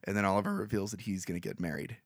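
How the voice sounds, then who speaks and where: A man co-hosting a podcast, casually retelling a movie plot in a rambling, animated way, full of fillers. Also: deep voice, rapid-fire, dry recording, studio quality. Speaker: podcast co-host.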